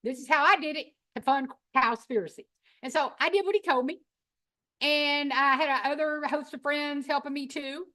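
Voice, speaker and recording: A middle-aged woman, telling her story in an animated, folksy, emphatic way. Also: high-pitched, moderate pace. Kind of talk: storytelling talk.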